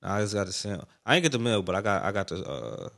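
Young male co-host, low and relaxed, teasing storyteller. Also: racing, gravelly. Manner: laid-back, teasing storyteller. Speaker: podcast co-host. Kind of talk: casual chat.

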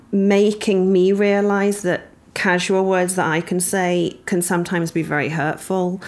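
A woman from England, a podcast guest, telling a personal story thoughtfully with many pauses and ums. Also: medium pitch.

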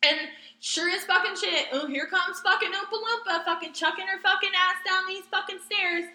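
A woman's voice: very high-pitched, slight background noise. A woman co-hosting a podcast, telling a story in casual chat with heavy swearing. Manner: heavy swearing, fast and animated. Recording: echoey room.

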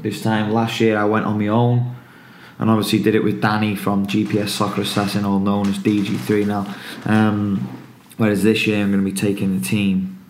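A man's voice: fairly low pitch, completely flat delivery, moderate pace, echoey room, a little hiss or hum. A man hosting a casual football podcast, laid-back as he plugs his coaching camps.

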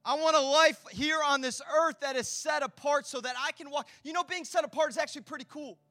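High bright-voiced preaching man. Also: brisk, no room sound, faint music behind. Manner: dynamic preaching, swings between hushed and loud; conversational asides and rhetorical questions. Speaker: pastor. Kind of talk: sermon.

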